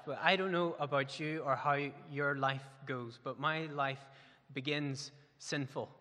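Male pastor, crisp bright tone, sermon in a reverberant church hall. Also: on the high side. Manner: earnest, building to emphatic peaks.

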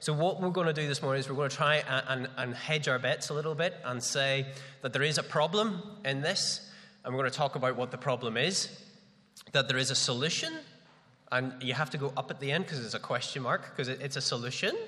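A man preaching a morning sermon with a head cold, chatty and self-deprecating, dropping fillers as he goes. His voice is bright and forceful. A long reverb trails behind him as in a large church hall. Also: mid-range voice, quick pace.

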